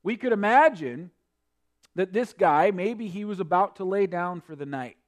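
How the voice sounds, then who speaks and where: A man preaching a sermon, swinging between quiet explanation and loud emphatic preaching. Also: sits high, expressive, normal speed. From North Dakota. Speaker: pastor.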